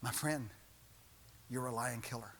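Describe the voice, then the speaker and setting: A man's voice: mid-range voice, unhurried, a bit bright, slight background noise. A man preaching a sermon as pastor in a church, building his points with repeated refrains and rising intensity.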